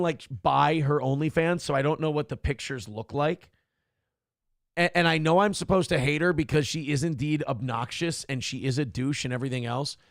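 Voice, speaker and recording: A man's voice: fairly high pitch, vocal fry, no room sound, studio quality. A man hosting a casual live-stream talk show, reading donations and ranting with mocking impressions. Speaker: host.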